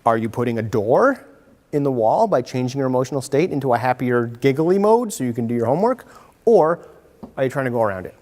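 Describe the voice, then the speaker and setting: A man giving a lively workshop talk to parents, acting out kids and parents in quick voices. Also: mid-range voice. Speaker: workshop presenter. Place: meeting room. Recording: hall reverb from a community-TV taped talk.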